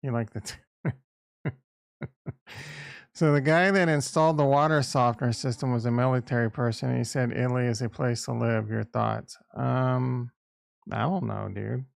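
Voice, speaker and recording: A middle-aged man with a gravelly, creaky voice hosts a casual livestream and rambles bluntly with plenty of crude asides. His voice sits at an ordinary pitch and is recorded dry and close, with no room sound. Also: fairly even intonation, moderate pace, long pauses, dry recording. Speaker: livestream host.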